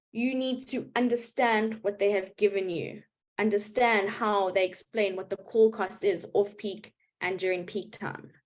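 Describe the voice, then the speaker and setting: A woman's voice: fairly high pitch, a little mellow. A woman teaching a live online maths class, explaining patiently step by step and checking in with her students. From South Africa.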